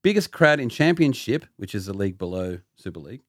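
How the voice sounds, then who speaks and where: A man's voice: fairly low pitch, big pitch swings, fast, dry recording, studio quality. A man hosting a casual podcast chat, playfully quizzing his co-hosts. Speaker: podcast host.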